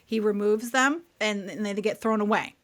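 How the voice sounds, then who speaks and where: A woman's voice: medium pitch, moderate pace, fairly bright tone. A woman co-hosting a podcast, telling a childhood story in casual chat, acting out quotes and laughing often. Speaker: podcast co-host.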